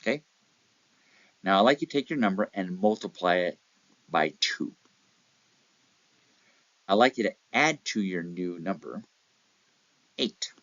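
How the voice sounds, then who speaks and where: A man's voice: low-pitched, animated, a little slow, long pauses, a bit bright, no echo, muffled recording. A man giving a motivational real estate talk, telling anecdotes, acting out little voices in them and checking in with "okay?". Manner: tells anecdotes, acts out voices, repeats "okay?".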